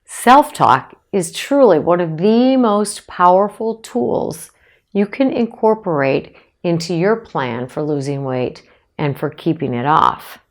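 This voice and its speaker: A woman's voice: fairly low pitch, expressive, slow pace. A middle-aged woman psychologist giving a direct-to-camera advice talk, encouraging and emphatic, speaking straight to the listener.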